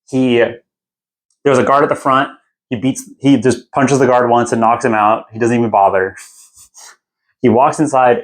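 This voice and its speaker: A young man hosting a podcast, casually retelling a fantasy book in a loose, irreverent, rambling way. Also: medium pitch. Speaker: podcast host.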